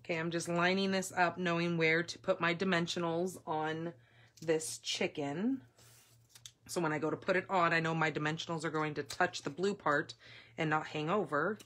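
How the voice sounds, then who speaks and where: A woman hosting a live papercraft class, chatting in a gushing, excitable way with fillers as she works at a table in her home craft room. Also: on the low side, moderate pace. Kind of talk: casual live craft demonstration.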